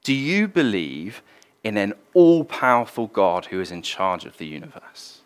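Guy playing a pointed, questioning club leader, keeps pressing calmly. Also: fairly low pitch, a little slow, smooth, pitched below the performer's own voice. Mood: probing. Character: probing male atheist club leader.

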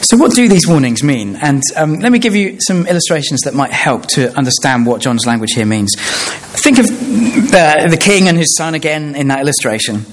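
A man preaching a sermon, explaining a passage in a measured way with frequent hesitations and restarts. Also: a little high, sing-song, slight background noise.

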